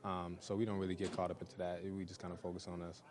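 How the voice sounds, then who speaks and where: A young male pro football player answering press questions in a relaxed way, full of "you know" fillers. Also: low voice, fast talker, background noise. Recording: crowd chatter behind.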